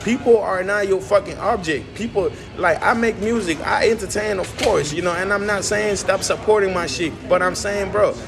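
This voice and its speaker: Filming on his phone camera in a coffee shop, a vlogger and musician delivers a casual, rambling rant to camera, emphatically firing rhetorical questions at his viewers. His high, creaky voice moves at a moderate pace with hardly any pauses, and music plays underneath.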